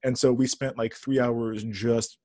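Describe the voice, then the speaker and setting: A man's voice: medium pitch, flat delivery, measured pace, darkish tone, no echo, clean studio sound. A man in his thirties co-hosting a podcast, joking bluntly in casual chat and swearing freely. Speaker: podcast co-host.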